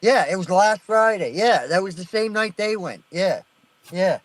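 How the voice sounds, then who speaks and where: A man's voice: sits high, animated, normal speed, dry recording, rough recording. A man joining a casual panel chat, loose and swearing freely.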